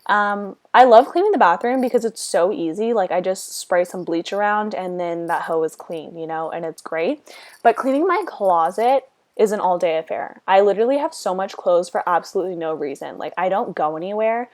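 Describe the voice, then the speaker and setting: A woman's voice: mid-range voice, normal speed, a little mellow, dry recording. Sassy, breathless young woman. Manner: sassy, rambling, chatty with slang. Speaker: vlogger. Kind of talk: casual voiceover chat. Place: her room.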